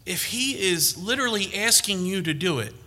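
A man's voice: high voice, animated, normal speed, sharp tone. A man preaching a conversational sermon, reading scripture and rising to emphatic peaks.

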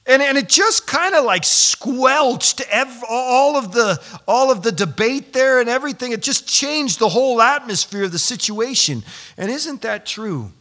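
A man preaching a sermon, telling a story with lively energy and acting out the people he quotes. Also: extremely high pitch, a little slow. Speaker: pastor.

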